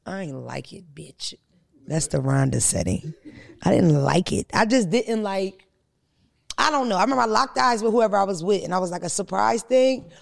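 A woman's voice: medium pitch, expressive, normal speed, vocal fry. A woman comedian hosting a podcast, chatting casually with blunt, profane storytelling.

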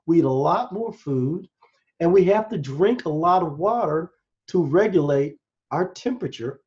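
Enthusiastic American man, mellow lo-fi. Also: a little high. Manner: enthusiastic, rambling, explaining. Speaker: podcast guest, doctor. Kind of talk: casual interview talk. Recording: muffled lo-fi sound.

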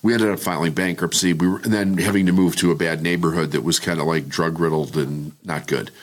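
Low husky-voiced man telling his story. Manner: candid, reflective storytelling with frequent restarts. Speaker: guest. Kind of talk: personal story in interview.

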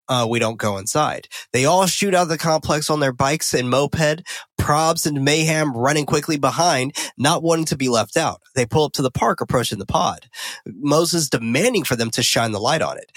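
A man's voice: fairly high pitch, moderate pace, fairly bright tone, no room sound. A man co-hosting a podcast, recapping a film in a loose, profane way and often correcting himself mid-sentence. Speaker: podcast co-host. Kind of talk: casual film recap and discussion.

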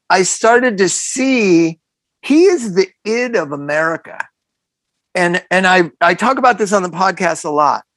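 An animated man chatting on his own podcast, his pitch swinging widely as he presses his points. He repeats phrases for emphasis. The sound is dry and close. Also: dry recording. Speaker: podcast host. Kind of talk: casual podcast chat.

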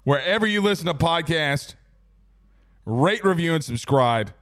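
A man's voice: on the high side, expressive, measured pace, fairly bright tone. A man hosting a casual live sports talk show, reading out viewer comments in a loose, chatty way while fighting the hiccups.

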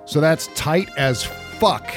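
A man's voice: a little high, expressive, takes it slowly, soft background music. A man co-hosting a casual political podcast, talking in a wry, profane way with many fillers. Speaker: podcast co-host.

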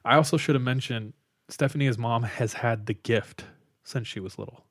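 A man in the middle pitch range telling a ghost story on a podcast. He talks casually, with fillers like "like", and drops his voice low for the eerie moments. The sound is dry and close, with no room echo. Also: moderate pace. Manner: animated retelling with fillers, hushed for spooky parts.

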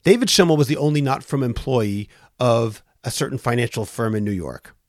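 A man's voice: medium pitch, animated, a little fast, dry recording, clean studio sound. Earnest man telling a story on a podcast. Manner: earnest, storytelling with acted quotes. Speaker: podcast host. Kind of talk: conversational storytelling.

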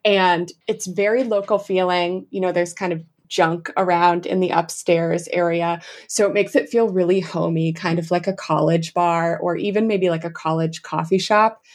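A young adult woman chatting as an enthusiastic travel guest, full of fillers and quick asides. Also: fairly low pitch, fairly even intonation. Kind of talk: casual interview chat.

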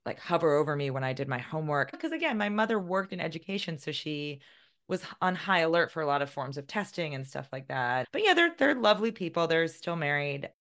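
A woman's voice: deep voice, sing-song, brisk, a bit bright. A woman in her forties, a guest author, chatting in an interview, self-deprecating and laughing often. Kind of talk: casual interview conversation.

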